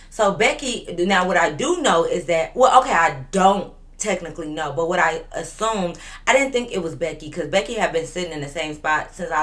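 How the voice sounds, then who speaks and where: A woman's voice: fairly low pitch, a bit bright. A woman in her twenties telling a storytime vlog in an emphatic, profane, fired-up way. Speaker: vlogger.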